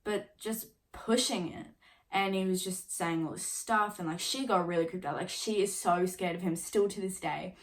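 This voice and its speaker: A young woman in her late teens telling a story on her own vlog, casual and chatty, filling every pause with "like" and swearing now and then. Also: on the low side. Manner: chatty, filler-heavy with constant "like"; swears casually while retelling. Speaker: vlogger.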